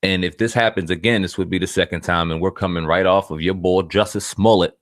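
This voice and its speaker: Man, very low voice, dry close sound, blunt profane co-host, casual news commentary. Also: steady tone, brisk, dry recording.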